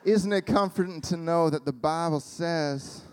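A man's voice: a little high, measured pace, clear, resonant tone, lightly acted. A man voicing a well-meaning Southern church lady who gives preachy advice in a syrupy tone.

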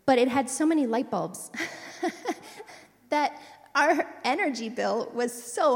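A woman shares a personal testimony in a sermon setting, talking in a chatty, rambling way with frequent asides. Her voice sits fairly high, and the recording carries the long, lingering reverb of a large hall. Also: animated, takes it slowly, long pauses. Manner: chatty, digressive, warm storytelling with asides. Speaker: church speaker sharing a testimony.

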